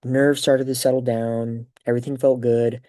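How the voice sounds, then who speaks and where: A man's voice: mid-range voice, moderate pace. A young man hosting a podcast, telling a personal story in a casual, rambling way full of fillers. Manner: rambling, filler-heavy, animated retelling. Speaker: podcast host.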